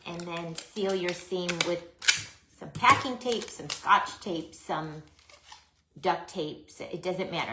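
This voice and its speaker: A woman's voice: mid-range voice, bright, forceful tone, reverberant, a little hiss or hum. A middle-aged woman hosting a casual craft livestream, chatting to viewers by name and laughing at herself.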